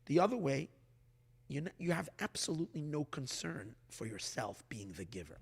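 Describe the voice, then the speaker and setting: A man, a rabbi, teaching a lively Torah class, sometimes voicing the body and Earth, swinging from hushed to loud. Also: fairly high pitch, moderate pace, gravelly, slightly rough. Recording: long hall reverb.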